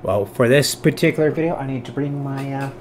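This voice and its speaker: A man hosting a reaction video in casual, profane commentary, swinging between loud outbursts and low mutters, sometimes cooing baby talk at his cat. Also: fairly quick, a little hiss or hum.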